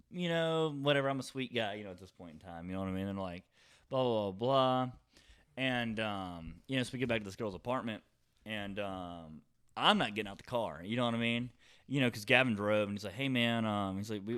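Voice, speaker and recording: A man's voice: fairly low pitch, quick pace, fairly bright tone, clear, resonant tone. A man, casually telling a long story on a podcast and filling his talk with "you know" and "whatever.". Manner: rambling, heavy fillers like "you know" and "whatever".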